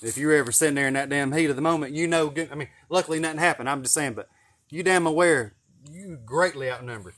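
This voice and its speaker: Man, casual storyteller, cussing, slightly high voice. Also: fast. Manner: swearing, animated storytelling with acted-out quotes. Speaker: vlogger telling stories.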